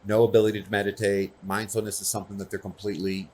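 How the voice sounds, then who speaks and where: A man's voice: fairly low pitch, level tone, quick pace, darkish tone. A man speaking earnestly and personally at a conference, often checking in with the audience. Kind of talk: conversational conference talk.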